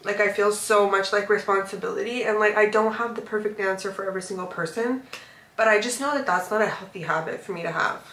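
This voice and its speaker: A woman's voice: medium pitch, fast, a bit bright, roomy sound, slight background noise. A young woman vlogger talking candidly and emotionally, rambling with lots of fillers. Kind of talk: candid confessional vlog chat. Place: car.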